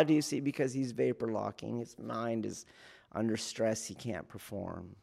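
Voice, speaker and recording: A man, a police academy instructor, explaining training in a casual teaching talk, checking in often with his listeners and acting out loud shouts. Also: a little high, moderate pace, creaky. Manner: keeps checking in with "do you see?"; acts out trainees and yelling officers in sudden loud bursts.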